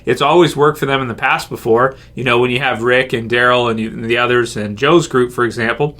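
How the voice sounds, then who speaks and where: A man answers viewer questions in a loose, rambling chat. His voice is bright and a little sharp, sitting in an ordinary middle pitch. He laughs easily between thoughts. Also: fairly even intonation. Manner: rambling, chatty, quick to laugh. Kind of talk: casual Q&A chat.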